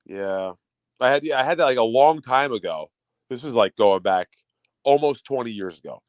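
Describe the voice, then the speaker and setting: A man's voice: medium pitch, expressive, normal speed, dry recording. Rambling, swearing male podcast co-host. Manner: rambling storyteller, swears freely, acts out quotes. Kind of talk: casual chat.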